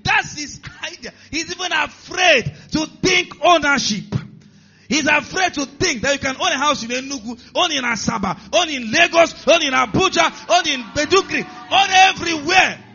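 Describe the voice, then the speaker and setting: Lively high-voiced Nigerian pastor preaching. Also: male voice, moderate pace. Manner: animated preaching, acting out characters, rising to shouts. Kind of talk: sermon. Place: church. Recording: dull lo-fi sound, faint music behind.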